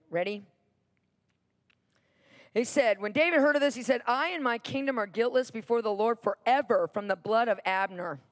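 A woman TV preacher teaching from the Bible, telling the story with lively, animated delivery and acting out the characters' lines. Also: on the high side, dry recording, studio quality.

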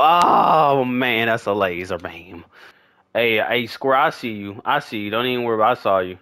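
A young man commentating his own football video game as he plays, slangy and swearing, often shouting with excitement. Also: fairly low pitch, normal speed, clean tone. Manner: trash-talking, swearing, hyped shouts; slangy, repetitive casual speech. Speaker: gaming YouTuber. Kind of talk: live gameplay commentary.

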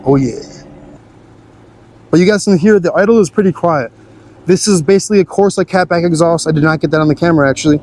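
A man's voice: a little high, fast, long pauses, a little mellow, slight background noise. A young man hosting a car channel, giving an easygoing, chatty walkthrough of his car's features.

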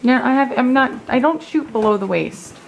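A woman vlogging at home, chatting to the camera in an excited, rambling way. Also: high-pitched, normal speed, vocal fry, slight background noise. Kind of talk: casual chat to camera.

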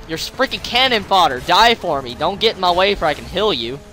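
A young man giving casual, excitable commentary over his own gameplay, rambling and swearing as the game turns. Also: high voice, fairly quick, few pauses, soft background music.

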